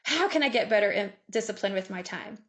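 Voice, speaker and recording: A woman giving a lively motivational talk over a video call, laughing often and acting out inner voices. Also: medium pitch, fairly quick. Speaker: guest speaker.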